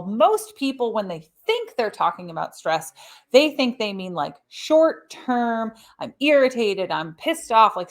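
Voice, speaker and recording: A middle-aged woman hosting a podcast, explaining ideas in a conversational teaching manner and often checking in with "right?". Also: medium pitch. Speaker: podcast host.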